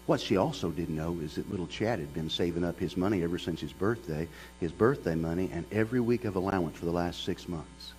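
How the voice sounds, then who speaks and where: A man's voice: deep voice, a little fast, hardly any pauses, a little mellow, soft background music, poor audio. A middle-aged man, a pastor preaching a sermon as a folksy storyteller. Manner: folksy storyteller who builds to passionate preaching.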